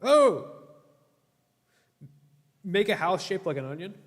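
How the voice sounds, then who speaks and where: A man's voice: a little high, expressive, measured pace. A young man streaming a game, giving casual gameplay commentary, yelping in alarm and bantering with his chat. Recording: long reverb.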